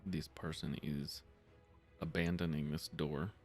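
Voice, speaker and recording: A man running a tabletop game as game master, talking casually in halting phrases with restarts and quick laughs. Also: extremely low pitch, little pitch movement, darkish tone, soft background music.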